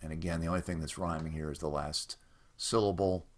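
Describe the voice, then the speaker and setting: A man walking through websites in an unscripted screen-recorded demo, explaining in a mildly skeptical tone and filling pauses with "uh". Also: a bass voice, fairly even intonation. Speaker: website presenter for a rhyming site. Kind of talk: casual screen-recorded walkthrough.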